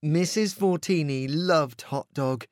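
A man reading a children's storybook aloud in an expressive, sing-song way. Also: a little high, slow, no echo, studio quality.

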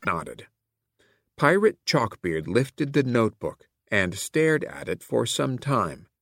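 A man reading a children's picture book aloud in a clear, expressive way, including its classroom activity prompts. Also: medium pitch, takes it slowly, no room sound, clean studio sound. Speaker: storybook reader. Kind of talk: read-aloud children's story narration.

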